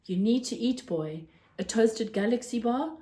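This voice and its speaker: A woman's voice: on the high side, expressive, measured pace. A woman reading as a kindly fussy shopkeeper. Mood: gentle. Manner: gentle, fatherly, earnest. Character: kindly fussy middle-aged male newsagent. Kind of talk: storybook read-aloud.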